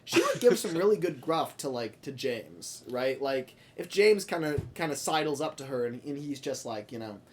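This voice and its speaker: A man co-hosting a casual chat, animated, laughing often and full of fillers. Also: mid-range voice, normal speed, hardly any pauses, a little hiss or hum. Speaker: podcast co-host.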